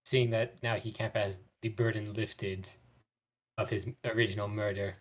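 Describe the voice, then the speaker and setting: A man's voice: fairly low pitch, level tone, normal speed, dull audio. A man playing in a tabletop game, unsure and thinking aloud as he decides what to do. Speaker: player. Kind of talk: casual tabletop play.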